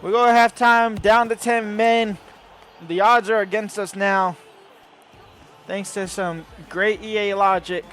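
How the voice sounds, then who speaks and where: Male gaming host, high voice, casual running commentary on his own play, drifts from mumbled asides to loud outbursts, light music underneath. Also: steady tone, unhurried. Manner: rambling, swings between low muttering and loud outbursts.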